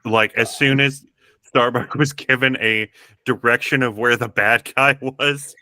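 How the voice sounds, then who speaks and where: A man's voice: medium pitch, fairly even intonation, measured pace, pushed and bright, dry recording, clean studio sound. A man playing a tabletop role-playing game, rambling with restarts and chuckles. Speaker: player.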